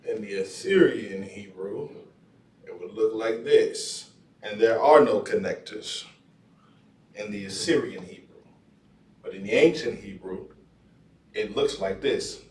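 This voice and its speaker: A man teaching a classroom language lesson, repeating words and often checking in with "all right?". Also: fairly low pitch. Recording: echoey room, far from mic.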